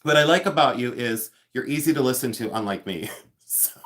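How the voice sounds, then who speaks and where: A man from the United States hosting a casual livestream from his home. He jokes, laughs a lot and talks loudly, and he has a runny nose. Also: mid-range voice, brisk. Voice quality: animated and joking, laughs often. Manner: loud, calls out from across the house. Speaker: livestream host. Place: home, moving between rooms.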